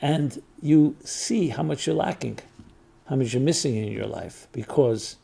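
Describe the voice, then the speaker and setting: Man, rabbi, reflective storytelling talk, warm, gravelly, repeats phrases in threes. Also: medium pitch, unhurried. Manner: repeats phrases in triplets for emphasis. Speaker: rabbi and spiritual teacher.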